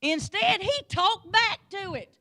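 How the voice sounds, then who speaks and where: A woman teaching a Bible lesson, telling the story with lively energy and calling on class members by name. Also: very high-pitched, slow pace. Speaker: Sunday school teacher.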